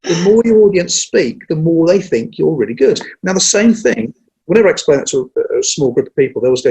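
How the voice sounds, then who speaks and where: Gravelly-voiced man coaching on public speaking. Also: on the high side, rough recording. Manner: energetic, acts out audience lines, speeds up and slows down on purpose. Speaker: presentation skills trainer. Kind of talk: casual conversational interview.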